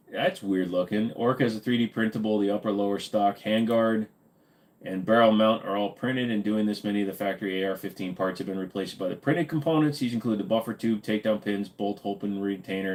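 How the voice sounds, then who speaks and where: A man's voice: on the low side, steady tone, normal speed, darkish tone. A man with a slight Minnesota accent, hosting a casual live Q&A stream, tired and wisecracking, swearing offhandedly. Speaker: livestream host.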